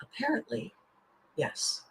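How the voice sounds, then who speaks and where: A woman's voice: slow, rough recording. A woman hosting her own show, giving a motivational monologue and acting out the voices of people she quotes, with a chuckle here and there. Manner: animated storyteller who acts out quoted voices. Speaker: podcast host and life coach.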